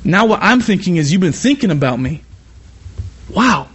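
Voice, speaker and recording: A young man from California preaching a sermon as a youth pastor. He swings between animated preaching and chatty personal asides, full of repeated "you know.". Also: sits high, normal speed, husky. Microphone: iPad.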